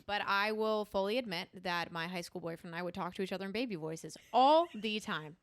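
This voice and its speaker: A woman's voice: mid-range voice, brisk. A woman in her twenties co-hosting a podcast, chatting expressively and laughing at herself. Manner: expressive, self-deprecating, prone to laughing. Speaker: podcast co-host. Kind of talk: casual chat.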